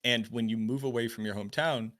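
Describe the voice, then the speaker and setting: A young adult man from the Boston area with a mild Boston accent, hosting a casual streamed chat and telling animated, swearing anecdotes. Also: medium pitch, fast talker. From Boston area, USA. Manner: animated storyteller, swears, acts out voices. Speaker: streamer host.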